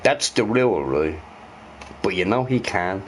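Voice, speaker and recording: A man's voice: low-pitched, measured pace, a little hiss or hum. A young man ranting loosely to his live chat, swearing and repeating himself. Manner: animated, sweary, repeats phrases. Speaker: live streamer answering chat.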